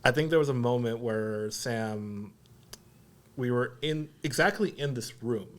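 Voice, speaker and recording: A man's voice: medium pitch, unhurried. A man co-hosting a podcast about film, chatting casually and playfully, joking and acting out quotes as he retells set stories. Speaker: podcast co-host and filmmaker. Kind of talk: casual chat.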